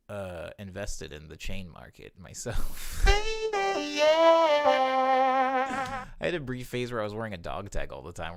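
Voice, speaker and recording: A man's voice: medium pitch, no room sound. A young man chatting casually while producing music in his studio, rambling and correcting himself with small laughs. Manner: rambling, chuckles between thoughts, self-correcting.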